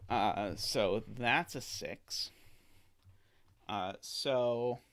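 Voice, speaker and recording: A man's voice: mid-range voice, extremely slow, a bit bright, smooth. A man solving a sudoku live on stream, thinking aloud, often correcting himself and adding playful asides to his viewers.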